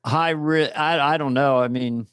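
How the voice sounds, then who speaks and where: A man's voice: fairly high pitch, unhurried, fairly bright tone, clean tone, no echo, clean studio sound. A male co-host in casual chat, playful and joking with his guest.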